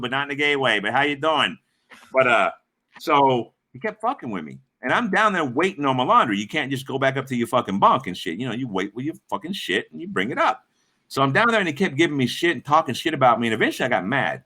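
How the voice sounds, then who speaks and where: A middle-aged man rambles through a story on his livestream, swearing freely and breaking off to greet chat. His voice is bright and forward, swinging widely up and down in pitch. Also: big pitch swings, quick pace. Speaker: livestream host.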